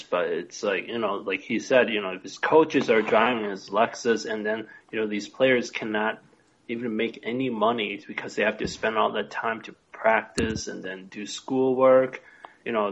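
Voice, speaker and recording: A man's voice: fairly low pitch, fairly bright tone, a little hiss or hum. A man co-hosting a casual discussion, hesitant and full of "you know". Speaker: podcast co-host. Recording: dull lo-fi recording.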